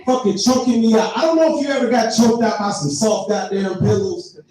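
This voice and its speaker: A man's voice: high-pitched, fairly quick, dark tone. Profane storytelling man on a far mic. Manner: profane storytelling, addresses the crowd. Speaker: stand-up comedian. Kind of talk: stand-up comedy set. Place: live comedy venue. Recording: echoey room, heard from far off.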